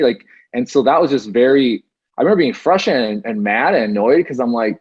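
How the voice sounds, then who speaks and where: A man with a husky, slightly rough voice tells his story in a loose, rambling way, full of fillers and restarts. His pitch sits in a typical middle range. The video call audio sounds dull and lo-fi. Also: animated, fast. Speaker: interview guest. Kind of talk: casual conversational storytelling.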